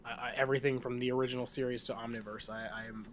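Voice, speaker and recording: A man's voice: medium pitch, flat delivery, racing, a little hiss or hum. A man streaming a game, chatting loosely with friends, swearing freely and jumping between tangents. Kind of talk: casual chat during a game stream.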